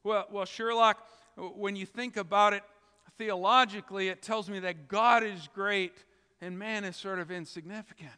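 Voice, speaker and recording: Eager show-off sidekick, earnest and pompous, put on by a male preacher, crisp tone. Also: high voice, steady tone, moderate pace, pushed and bright. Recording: reverberant hall.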